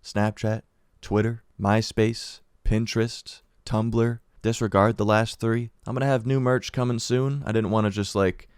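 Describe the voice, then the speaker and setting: A young man telling a story from his own life as casual vlog commentary, animated, slangy and full of swearing. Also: on the low side, a little slow, clean tone, dry recording, clean studio sound. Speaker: YouTuber.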